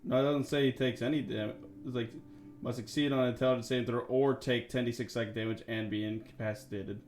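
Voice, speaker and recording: A man's voice: mid-range voice, steady tone, fast, darkish tone. A man playing a tabletop game, talking in a careful, hesitant way as he double-checks the rules. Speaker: player. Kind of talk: casual game chat.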